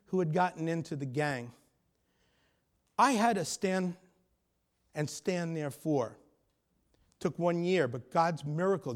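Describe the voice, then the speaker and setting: A middle-aged man preaching a sermon, telling a personal story and rising to loud, emphatic peaks. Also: a little high. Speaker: pastor.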